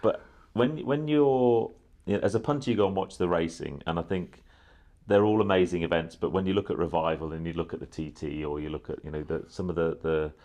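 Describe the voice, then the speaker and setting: Guy with a really deep voice interviewing on stage, keen and a bit stumbly. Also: brisk, a little mellow. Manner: eager, hesitant questioner with restarts. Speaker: interviewer, TV presenter. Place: museum lecture theatre.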